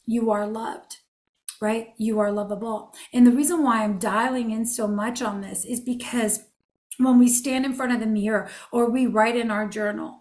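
A woman in her forties, a relationship coach, giving an earnest, emphatic motivational talk that repeats phrases for effect. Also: fairly high pitch.

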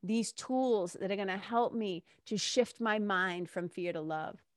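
A woman's voice: medium pitch, a little slow, clean tone, no echo, studio quality. A middle-aged woman, a spiritual mentor, talking in a casual, candid way with swearing and laughs. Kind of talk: casual monologue.

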